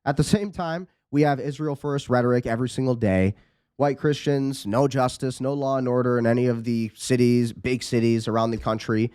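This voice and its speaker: A man's voice: medium pitch, steady tone, normal speed, darkish tone, smooth, no room sound. A man hosting political commentary, indignant and piling up rhetorical questions. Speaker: host and commentator.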